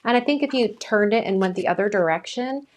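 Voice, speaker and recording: A woman's voice: medium pitch, fairly quick. A woman hosting a live crafting demonstration, chatting upbeat and narrating what her hands are doing, with the hiccups. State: has the hiccups. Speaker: crafting host.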